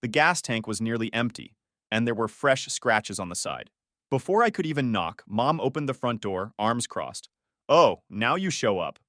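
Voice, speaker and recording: A male narrator tells a first-person story with tense, dramatic pacing. His pitch swings widely as he builds the scenes. The sound is dry and close, with no room around it. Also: expressive, normal speed, fairly bright tone, no echo.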